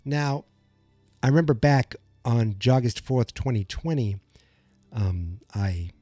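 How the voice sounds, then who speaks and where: A man's voice: medium pitch, expressive, slow, mellow, no room sound, faint music behind. A man in his forties hosting a comedic podcast in a rambling, self-deprecating, mock-dramatic way. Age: 40s. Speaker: podcast host. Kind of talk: comedic solo podcast monologue.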